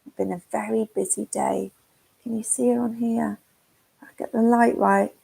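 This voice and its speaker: Woman, children's nature-group leader; gentle sing-song story reading for toddlers, slightly high, gravelly and husky. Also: little pitch movement, normal speed, low-quality recording. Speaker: forest school leader. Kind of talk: reading a picture book to toddlers. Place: at home.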